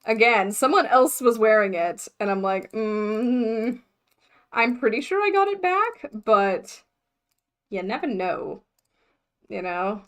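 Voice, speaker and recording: A woman's voice: on the high side, expressive, slow, clean tone. A young woman from the United States chatting casually on a livestream, scattered and thinking aloud, laughing often as she talks to her chat. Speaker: mermaid vlogger livestreaming.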